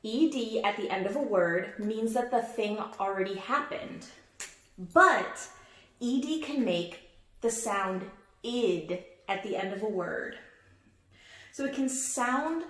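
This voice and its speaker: A woman's voice: mid-range voice, lively intonation, slow pace, fairly bright tone, echoey room. A woman teaching a phonics lesson and reading a picture book aloud, patient and encouraging, stretching out word sounds for young listeners.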